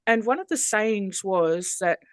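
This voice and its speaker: An Australian woman, a hypnosis trainer, telling her personal story as a podcast guest in a frank, earthy, animated way. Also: medium pitch, a little slow, no echo.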